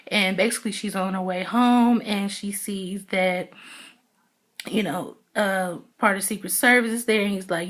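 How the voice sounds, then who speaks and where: A woman's voice: mid-range voice, steady tone, moderate pace, a bit bright. A woman vlogger casually recapping a TV episode, chatty, acting out characters' lines with lots of fillers. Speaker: TV episode reviewer. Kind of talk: casual chat.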